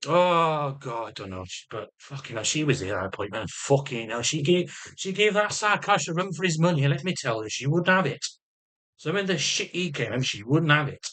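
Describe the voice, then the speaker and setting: A man's voice: a little high, very animated, fairly quick, a bit bright. A man in a casual video diary, rambling emotionally, swearing heavily and stammering through restarts. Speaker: vlogger.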